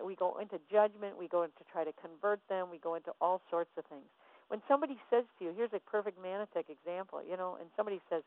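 A woman's voice: fairly low pitch, fast talker, dry recording. Woman giving a pep talk, keeps repeating herself, sounds like it's through a phone. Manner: emphatic, repeats phrases, acts out dialogue. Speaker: motivational speaker. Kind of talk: motivational talk. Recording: tinny phone-like sound, dry.

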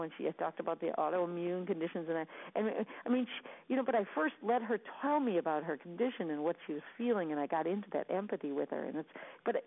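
A woman's voice: on the low side, quick pace. Earnest woman coaching over a tinny line. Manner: earnest, repetitive, sincere. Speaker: sales coach. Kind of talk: motivational coaching talk. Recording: tinny phone-line sound.

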